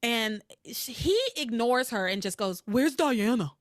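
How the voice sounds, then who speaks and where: A woman's voice: fairly high pitch, unhurried, no echo, studio quality. A woman co-hosting a podcast, chatting casually and acting out characters' lines as she recaps a soap opera. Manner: animated, acts out characters' lines with laughs. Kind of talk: casual panel chat.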